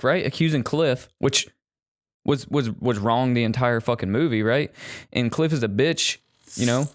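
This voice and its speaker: A man co-hosting a movie-review podcast, retelling scenes in a profane, animated way and mocking the characters. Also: medium pitch, normal speed, dry recording, studio quality. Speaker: podcast co-host. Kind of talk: casual movie-review chat.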